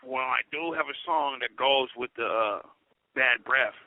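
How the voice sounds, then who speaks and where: A man, an incarcerated comedian calling in as a guest, telling stories in an animated way and saying "you know" a lot. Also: mid-range voice, measured pace, no echo. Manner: animated storyteller, peppers talk with "you know". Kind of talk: storytelling comedy chat. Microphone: prison phone call. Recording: tinny phone line.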